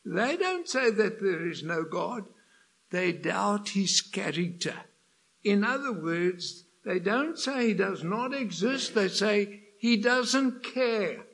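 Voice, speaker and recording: An older man preaching a sermon in a church, swinging between hushed passages and loud, passionate emphasis. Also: high-pitched, lively intonation, slow pace, creaky, slightly rough.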